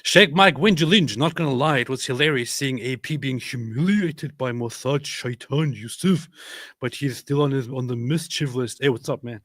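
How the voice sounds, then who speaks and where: A man's voice: medium pitch, normal speed, fairly bright tone, dry recording. Chatty man reading super chats. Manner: chatty, many fillers and restarts. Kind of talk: casual livestream chat.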